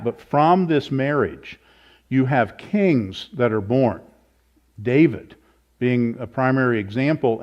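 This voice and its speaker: Male pastor, casual Bible study teacher, chatty and self-correcting, somewhat muffled church recording. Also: medium pitch. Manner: informal, thinks aloud, self-corrects. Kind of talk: conversational Bible teaching with audience questions. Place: church meeting room. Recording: slightly dull, lo-fi.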